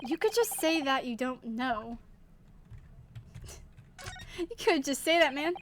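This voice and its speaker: A woman streamer playing a courtroom game, excitable, laughing often and swearing mildly. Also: high-pitched, takes it slowly, pauses often, noisy background. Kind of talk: casual game let's play.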